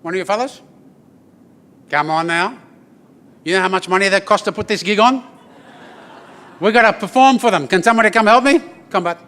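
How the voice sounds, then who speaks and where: A man's voice: high-pitched, brisk, pauses often, a bit bright, a little hiss or hum. An Australian man, an artist, tells funny stories and demonstrates an instrument at a corporate briefing, often ending his lines with "yeah?". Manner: joking, chatty, often ends with "yeah?" and "eh?". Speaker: artist giving a talk and didgeridoo demonstration. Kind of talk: humorous storytelling presentation. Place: corporate event space at a briefing.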